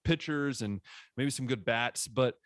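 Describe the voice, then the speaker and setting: Male sports podcast co-host, mid-pitch, animated ranter, dry recording. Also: measured pace, no echo. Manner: animated, ranting with frequent restarts. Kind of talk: casual sports chat.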